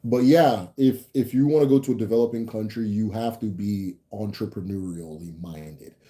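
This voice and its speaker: A man hosting a livestream, answering viewer chat in a rambling, animated way with lots of fillers. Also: low-pitched. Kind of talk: casual live chat.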